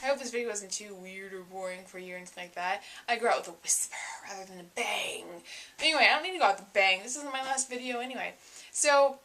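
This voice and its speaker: A woman's voice: a little high, very fast, pushed and bright. A young woman talking casually to camera in a vlog, chatty and self-mocking, with sudden dramatic bursts. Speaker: vlogger.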